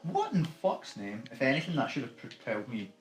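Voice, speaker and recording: A man's voice: medium pitch, very animated, fairly quick. A Scottish man rambling and swearing freely as he chats over a co-op video game. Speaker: gaming co-host. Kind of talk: casual let's-play banter. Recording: echoey room with game music. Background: video game music.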